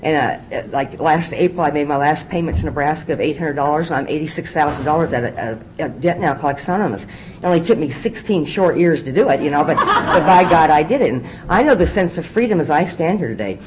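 A woman's voice: low voice, lively intonation, fast, noisy background. A middle-aged woman speaking from a podium at a recovery meeting, telling her story candidly and often repeating words as she restarts. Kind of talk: personal testimony talk.

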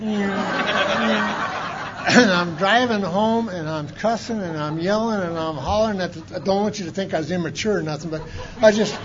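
A fairly high-pitched man tells his recovery story in a folksy, plain-spoken way, rising to loud outbursts and then dropping to a hush. The recording is dull and lo-fi, with a faint hiss behind him. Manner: folksy, colloquial storytelling, swinging from loud to hushed. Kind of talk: personal recovery testimony.

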